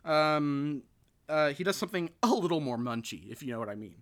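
Bright-voiced man rambling through a film recap. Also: fairly high pitch, expressive, fairly quick. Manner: rambling, full of fillers and restarts, quotes characters. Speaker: podcast host. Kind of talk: casual chat recapping a film.

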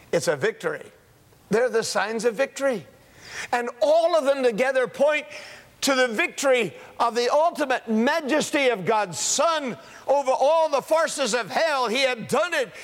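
A high-pitched male preacher delivers an emphatic sermon, driving his points home with repeated phrases that climb and fall. His voice carries a long, lingering reverb from a large hall. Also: fairly bright tone. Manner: emphatic, repeats key phrases in rising cadences.

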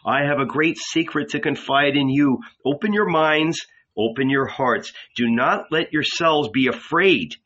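A solemn, tranquil teacher speaks quietly and gravely in a storybook reading, put on by a male narrator. The voice is bright and unhurried. The recording is slightly dull and lo-fi. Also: fairly high pitch. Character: calm solemn male teacher bidding farewell.

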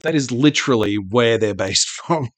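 A man's voice: medium pitch, lively intonation, moderate pace, no room sound. A man co-hosting a podcast in casual chat, talkative, swearing freely and laughing often. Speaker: podcast co-host.

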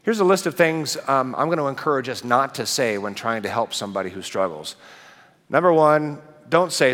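Animated male pastor preaching in a reverberant hall. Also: mid-range voice, normal speed. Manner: conversational, animated, asks the congregation questions. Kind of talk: sermon. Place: church sanctuary.

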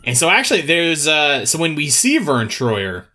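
A man co-hosting a podcast in casual chat, animated, swearing freely and laughing often. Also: fairly high pitch, normal speed. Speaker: podcast co-host.

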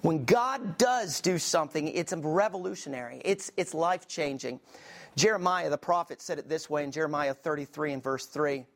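A man's voice: on the high side, expressive, moderate pace, fairly bright tone. A man delivers a sermon from the pulpit as pastor. He preaches with passion, talking the way one talks with friends, and keeps turning to his listeners with questions. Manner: impassioned, conversational preaching with many asides to the congregation.

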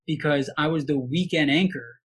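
A man from Hawaii in his late thirties tells a personal story on a podcast. His voice sits a bit high, and he speaks with heartfelt sincerity, often restarting his sentences. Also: normal speed, slightly rough. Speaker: sportscaster guest. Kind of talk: casual podcast interview.

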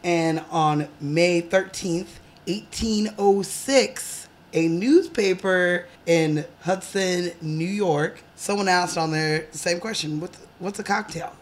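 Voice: medium pitch, slow pace, few pauses. Podcast co-host, giggly, casual chat, swears freely. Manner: laughs often, giggly storytelling with profanity.

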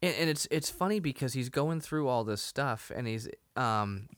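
A man's voice: mid-range voice, lively intonation, normal speed, dry recording, studio quality. A man co-hosting a podcast, casually retelling a TV episode, quoting characters and laughing often. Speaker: podcast co-host. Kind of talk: casual chat recapping a TV episode.

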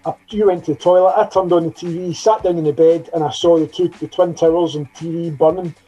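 Fast-talking high-voiced man. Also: steady tone, warm tone, faint music behind, low-quality recording. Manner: rapid, restarts a lot. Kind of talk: casual storytelling chat.

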